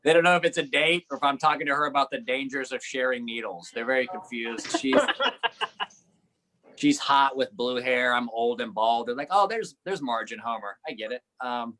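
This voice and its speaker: A man's voice: mid-range voice, fairly even intonation, normal speed, noisy background. A man doing a self-deprecating stand-up bit. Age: 30s. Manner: rambling, self-deprecating storytelling with acted quotes. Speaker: stand-up comedian. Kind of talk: stand-up set over video call. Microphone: video call.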